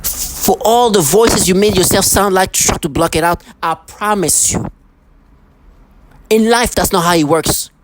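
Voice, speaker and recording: Angry ranting monologue, threatening tone, repeated restarts, mid pitch, faint background noise. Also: unhurried, rough recording.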